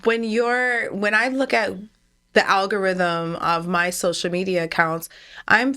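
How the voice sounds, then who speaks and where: A woman's voice: mid-range voice, steady tone, unhurried, bright, forceful tone, smooth. A woman in her forties with a New Jersey accent, co-hosting a podcast in casual chat and laughing often. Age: 40s. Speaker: podcast co-host.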